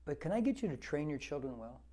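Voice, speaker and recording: Mellow-voiced older pastor preaching. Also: male voice, on the high side, very animated, quick pace. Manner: conversational, repeats words for emphasis, builds to fervent exhortation. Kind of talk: verse-by-verse Bible teaching sermon.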